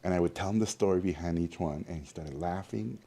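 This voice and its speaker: Deep-voiced man telling animated stories. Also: brisk. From Mexico. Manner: animated storyteller, acts out quoted voices. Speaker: guest animator. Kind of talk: storytelling interview.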